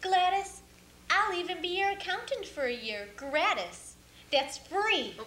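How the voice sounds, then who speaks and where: A woman's voice: extremely high pitch, expressive, a little slow, a bit bright, full character voice. A woman playing a sarcastic accountant. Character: sharp-tongued female accountant. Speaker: community theater actor. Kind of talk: stage play acting. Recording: roomy stage recording, faint hiss.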